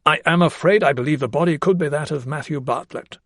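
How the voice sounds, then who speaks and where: A solemn, guarded elderly gentleman of science, put on by a male audiobook narrator. He speaks formally and leans hard on his words, pitched above an everyday voice. The recording is dry and close. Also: brisk, no echo. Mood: grave. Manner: emphatic, formal and raised in pitch.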